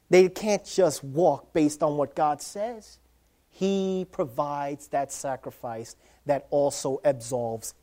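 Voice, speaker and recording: A man preaching a sermon, animated, swinging from loud emphasis to quiet low asides and acting out little scenes. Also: slow. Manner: animated, acts out voices of dads and kids. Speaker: pastor.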